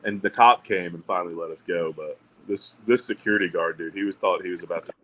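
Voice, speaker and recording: A middle-aged man with a slightly low voice spins casual, profane stories. He is wry and acts out each person in the tale in quick bursts. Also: fairly bright tone, a little hiss or hum, rough recording. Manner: profane, wry anecdotes with acted-out quotes. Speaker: podcast co-host. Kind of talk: casual storytelling chat.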